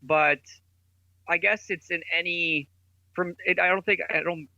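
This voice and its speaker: Here the esports team founder sounds high and steady, unhurried, with vocal fry and a bright, forceful tone; the recording is lo-fi with no room sound. He's a podcast guest in a casual interview, talking in an enthusiastic, rambling way and arguing through rhetorical questions.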